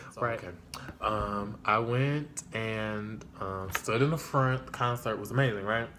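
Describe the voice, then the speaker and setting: A young man telling a casual storytime vlog, slangy and full of fillers, leaping into a high excited voice when he quotes himself. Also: measured pace, a little hiss or hum. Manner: animated, jumps to high excited pitch when quoting himself; loose slangy chat with many fillers. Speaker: storyteller vlogger.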